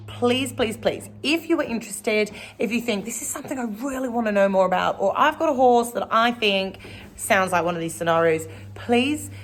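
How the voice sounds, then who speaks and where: A woman, a horse trainer, talking casually and at length to a camera outdoors in a rambling vlog. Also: mid-range voice. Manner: chatty and rambling.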